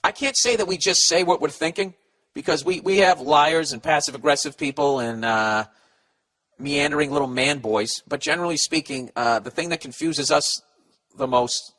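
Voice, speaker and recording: A man's voice: a little high, moderate pace, fairly bright tone. A man hosting a comedy podcast, answering listener letters in a blunt, profane, rambling rant and stumbling while he reads them aloud. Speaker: podcast host giving advice. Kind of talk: casual comedic advice rant.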